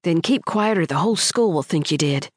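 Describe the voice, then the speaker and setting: A scrawny schoolboy with a wicked grin and total confidence, teasing and half-blackmailing in a low, dry voice, as a woman narrator puts him on. He is a character in a romance audiobook, and the voice sits close and dry against the mic. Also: lively intonation, a little fast, slightly rough, dry recording.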